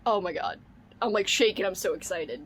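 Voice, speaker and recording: A woman's voice: mid-range voice, expressive, fairly quick, slight background noise. A young woman book vlogger unboxing mail in casual chat, gushing and squealing with delight, saying "like" and "oh my god" often.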